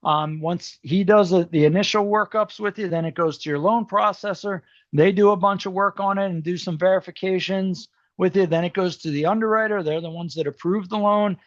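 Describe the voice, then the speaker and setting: A man with a fairly high voice runs a seminar in an easygoing, conversational way, full of ums and "okay?" check-ins. His voice sounds a little worn. The sound is dry and close but muffled and dull. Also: brisk, hardly any pauses, no room sound. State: voice starting to go. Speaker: mortgage specialist presenting a seminar. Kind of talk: explaining to an audience, informal presentation.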